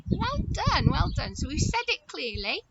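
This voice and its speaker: A woman teacher leading an early-years phonics lesson, speaking slowly and encouragingly as she says words clearly and claps out their syllables. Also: high voice, sing-song. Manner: slow, sing-song, encouraging, clapping out syllables. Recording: dull lo-fi sound with loud noise.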